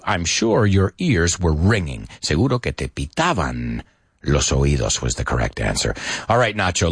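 Male radio teacher, rapid, playful, swooping intonation, dry close mic. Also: on the low side, no echo. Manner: lively, teasing, switches between English and Spanish; talks fast. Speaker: English teacher and radio show host. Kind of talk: bilingual English lesson, casual.

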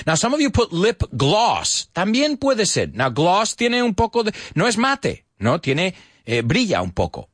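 Man, teacher, very animated pitch, dry studio sound. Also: slightly rough, dry recording. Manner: lively, teasing, switches between English and Spanish; talks fast. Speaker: English teacher and radio show host. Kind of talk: bilingual English lesson, casual.

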